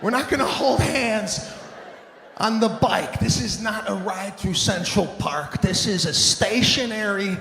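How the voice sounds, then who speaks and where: A man doing stand-up comedy, telling stories in an animated, exasperated way before a live audience. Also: high voice, unhurried, creaky. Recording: echoey hall with live crowd and noise. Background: audience laughter.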